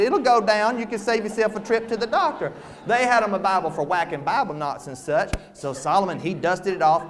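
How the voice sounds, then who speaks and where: A male storyteller spins a folk tale in a fairly high, bright voice. His delivery is animated and folksy, and his pitch rises and falls widely as he talks to his listeners.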